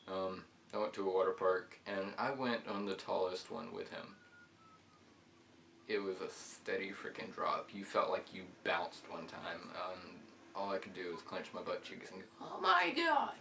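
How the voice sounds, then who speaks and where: A man's voice: low voice, flat delivery, moderate pace, creaky, a bit bright, slight background noise. A man telling a loose, rambling story while commenting on his gameplay. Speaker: gaming channel host.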